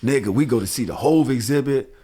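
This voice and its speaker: A man, co-hosting a podcast and telling loose, profane stories full of animated asides. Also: mid-range voice, brisk, a little hiss or hum. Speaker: podcast co-host. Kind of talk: casual podcast chat.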